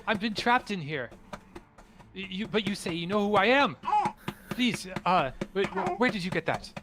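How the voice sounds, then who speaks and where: A man's voice: high voice, lively intonation, moderate pace, background noise, voice pushed up. A man voicing a desperate, forgetful wizard trapped inside a ring of stones, stammering and pleading over a video call.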